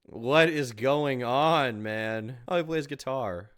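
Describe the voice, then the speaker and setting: A man's voice: medium pitch, slow pace. A man streaming reaction commentary, mocking and incredulous, swearing often and breaking into laughter.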